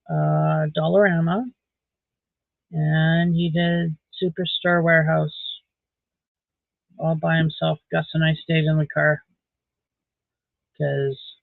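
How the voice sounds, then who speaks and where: A woman's voice: low voice, gravelly, no room sound. A middle-aged woman, chatting casually on a live stream while crocheting, rambling along with dry sarcastic asides. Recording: dry, tinny phone-like sound.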